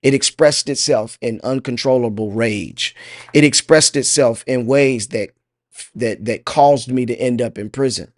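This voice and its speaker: A middle-aged man hosting a podcast and sharing a personal testimony, earnest and reflective, halting often with fillers. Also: mid-range voice, dry recording, clean studio sound. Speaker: podcast host.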